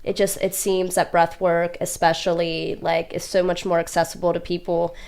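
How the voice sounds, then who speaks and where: A woman guest on a podcast, chatting casually about her plans, stuffy from a cold and rambling in a relaxed way with lots of fillers. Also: fairly low pitch, moderate pace. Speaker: podcast guest, market organizer. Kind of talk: casual interview chat.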